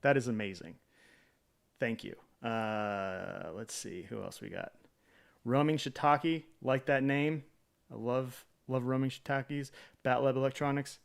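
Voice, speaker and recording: A man's voice: medium pitch, a little slow, vocal fry. A man streaming live in a casual chat, greeting viewers by name, rambling with hesitant fillers and self-deprecating jokes.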